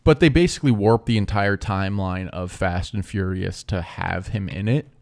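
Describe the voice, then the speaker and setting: Casting: young male podcast co-host, lowish gravelly voice, relaxed conversational delivery. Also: moderate pace. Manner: laid-back, drifts into mock quotes. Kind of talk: casual movie podcast chat.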